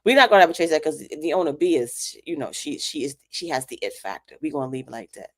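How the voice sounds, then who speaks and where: Female radio co-host, lowish voice, playful and teasing. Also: lively intonation, quick pace. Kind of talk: casual radio chat.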